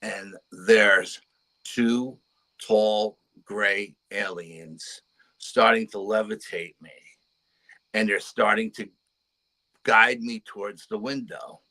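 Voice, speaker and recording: A man's voice: lowish voice, fairly even intonation, slow, sharp tone, rough recording. An older man telling a personal paranormal story in an earnest, conversational way. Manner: earnest storytelling with repeated "you know". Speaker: paranormal investigator guest. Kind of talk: storytelling interview.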